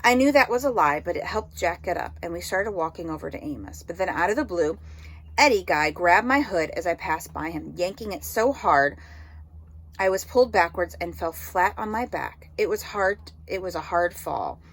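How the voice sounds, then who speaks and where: A woman reading an audiobook novel aloud in steady storytelling narration. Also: fairly low pitch, moderate pace. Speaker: audiobook reader.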